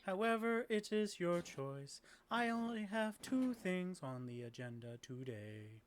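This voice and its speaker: A man's voice: sits high, very animated, a little hiss or hum, pitched above the performer's own voice. A man doing Designation Lawrence, the polite robot. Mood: formal. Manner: slow, precise, formal speech.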